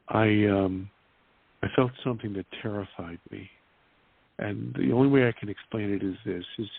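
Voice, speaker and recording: A man in his fifties earnestly retelling a personal experience as an interview guest, halting and restarting as he goes. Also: fairly low pitch, creaky, husky, no echo. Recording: tinny dry phone-like line.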